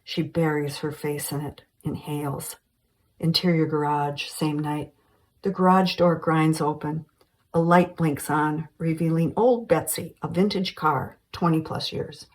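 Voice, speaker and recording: A woman reading a screenplay aloud, calmly stating scene headings and directions. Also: sits low, measured pace, rough recording. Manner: steady, matter-of-fact delivery of scene directions. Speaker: screenplay reader.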